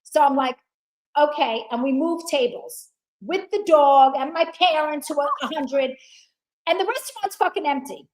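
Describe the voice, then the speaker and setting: Loud sweary high-pitched woman telling a story on a talk show. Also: normal speed, poor audio. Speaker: guest. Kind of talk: animated casual chat.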